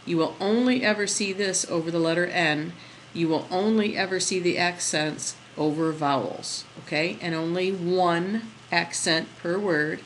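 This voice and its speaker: A woman's voice: fairly low pitch, a little slow, slight background noise, rough recording. A woman teaching a classroom lesson over slides, patient and explaining step by step, asking the class questions as she goes. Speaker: Spanish teacher.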